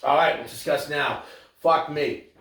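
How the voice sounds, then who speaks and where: A man's voice: fairly high pitch, unhurried, a bit bright. Profane ranting man in an echoey room. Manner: profane, ranting, slips into mocking voices. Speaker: podcast co-host. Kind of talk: crude casual podcast banter.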